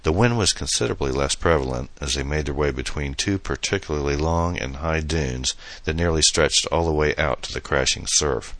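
A man reading an audiobook novel as narrator, in steady, measured storytelling. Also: a bass voice, no room sound. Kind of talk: scripted narration.

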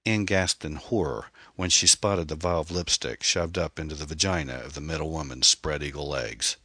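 A man giving scripted audiobook narration of a thriller in a steady, suspenseful reading. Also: a bass voice, moderate pace, breathy edge, no room sound.

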